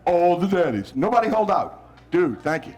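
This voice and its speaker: Animated high-voiced man leading a poetry workshop. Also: normal speed. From New Orleans. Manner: animated, coaxing, bursts into shouted recitation. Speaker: visiting poet leading a school workshop. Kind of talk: lively workshop with children and parents.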